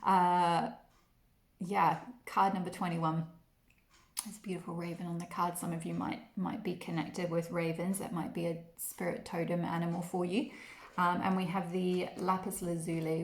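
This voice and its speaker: A woman giving a pick-a-card tarot reading, talking gently and rambling with many fillers and addressing the viewer fondly. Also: fairly low pitch, flat delivery, normal speed, reverberant. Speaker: tarot reader.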